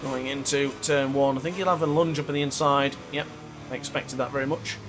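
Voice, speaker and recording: A man's voice: medium pitch, a little fast, music in the background. A man, a gaming streamer who calls his own race like a sports commentator and breaks into frustrated outbursts. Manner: excitable, mock race-caller, bursts into frustrated outbursts. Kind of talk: livestream gameplay commentary.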